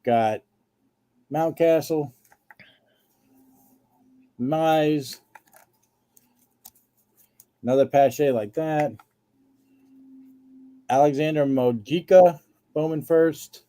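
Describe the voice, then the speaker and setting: A man's voice: a little high, drawn-out words, long pauses, mellow. A man hosting a live card-sale stream, chatting casually and listing cards as he shows them.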